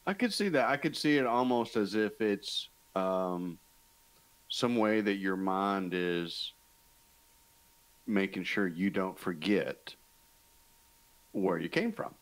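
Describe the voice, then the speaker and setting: A man's voice: deep voice, slow, pauses often, rough recording. A man in a casual podcast chat, joking around and swearing now and then.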